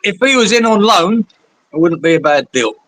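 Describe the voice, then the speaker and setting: Bright, chirpy man bantering. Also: high voice, expressive, moderate pace, no room sound. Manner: chirpy, swears a lot, banters. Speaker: fan podcast co-host. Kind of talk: casual fan chat.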